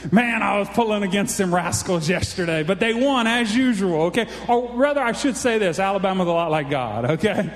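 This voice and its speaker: A man's voice: high voice, brisk. A man preaching a folksy, exclamatory sermon, often calling out for an amen. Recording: echoey hall reverb.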